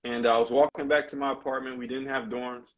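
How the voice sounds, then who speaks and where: A man with a medium-pitched, somewhat bright voice speaks a little quickly in a flat delivery, and the highs are cut off. He's a basketball coach and ex-player appearing as a podcast guest, telling his story candidly and animatedly with casual slang in conversational interview storytelling.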